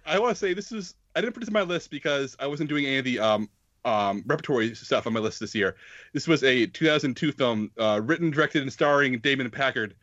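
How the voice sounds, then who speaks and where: A man's voice: medium pitch, brisk, a bit bright, dry recording, highs cut off. A man in a casual film talk, often restarting and repeating words. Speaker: film podcast co-host. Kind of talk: casual chat.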